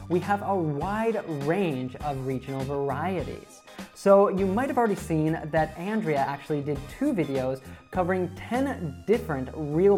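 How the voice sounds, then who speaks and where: A woman presenting an online English lesson, explaining clearly and speaking directly to viewers. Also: low-pitched, warm tone. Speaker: English teacher.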